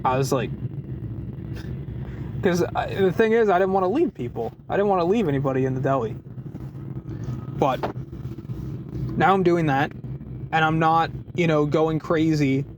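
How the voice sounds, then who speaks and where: A man telling a work story in a casual, animated vlog, with many restarts and short laughs. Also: fairly high pitch, normal speed, pauses often, noisy background. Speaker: deli worker venting in a vlog. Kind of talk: casual chat.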